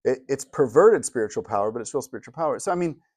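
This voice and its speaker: A man teaching from the pulpit in a relaxed, conversational way, peppering his points with "like" and "right?". He swells louder and higher when he hits the big ideas. The sound is close and dry, with no room echo. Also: fast talker, breathy edge. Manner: casual, conversational, frequent "right?" and "like"; swells loud and high for emphasis. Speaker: pastor. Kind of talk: teaching sermon. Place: church hall.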